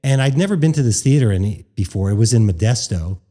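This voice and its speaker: A man from Canada chats on a podcast, telling a story in a warm, mellow voice. He is animated and acts out the quoted lines of dialogue in a higher voice. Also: quick pace. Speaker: podcast guest, former radio worker. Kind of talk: casual storytelling chat.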